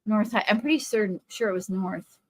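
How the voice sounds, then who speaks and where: A woman from Ohio hosts a live craft stream, painting while she rambles through animated stories and addresses viewers by name. Her voice is mid-range and brisk.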